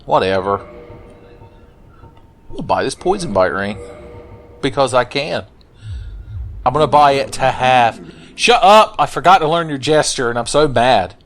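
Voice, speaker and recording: A man's voice: medium pitch, animated, a little slow, pauses often, slight background noise. A man giving sarcastic, profane let's play commentary, taunting the enemies he fights. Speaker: gaming commentator. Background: faint game music.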